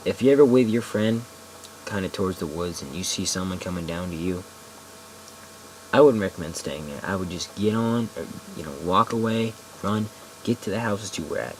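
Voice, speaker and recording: A young man with a low voice tells a scary story to the camera. He rambles, backtracks and swears as he goes. A faint hiss sits under the recording. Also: rough recording. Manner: rambling, full of "like" and restarts, swears often. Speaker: vlogger.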